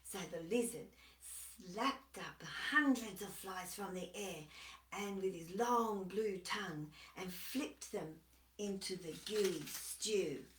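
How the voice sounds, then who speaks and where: Slow, bright woman reading a children's story. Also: mid-range voice, far from the mic, slight background noise. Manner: expressive, asks the listener questions. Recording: echoey room, voice off-mic.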